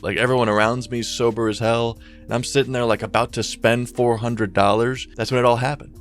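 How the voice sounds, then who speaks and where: A man's voice: medium pitch, level tone, fairly quick, hardly any pauses, faint music behind. A young man telling a story in a casual, rambling way, full of slang and swearing. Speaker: YouTuber storyteller.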